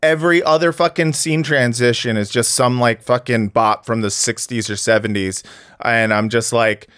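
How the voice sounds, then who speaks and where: Crisp-voiced man, emphatic and blunt. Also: mid-range voice, fairly even intonation, normal speed, a bit bright, dry recording, clean studio sound. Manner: emphatic, profane, laughing often. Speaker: podcast host. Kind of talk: casual chat.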